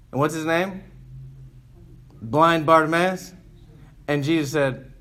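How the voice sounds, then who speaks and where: A man preaching in a relaxed, conversational way, his voice sitting a little higher than most men's. He leans on rhetorical questions and folksy emphasis, talking to the room like friends rather than reading a text. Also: slow, pauses often. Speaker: pastor. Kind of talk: conversational sermon.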